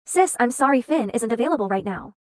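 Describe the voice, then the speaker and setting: A woman's voice: fairly high pitch, lively intonation, fairly quick, no room sound, clean studio sound, close to an everyday voice. An actress playing a young woman who has just divorced her husband, bitter and defiant, speaking in short, clipped lines in a dubbed drama. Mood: curt. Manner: curt and clipped.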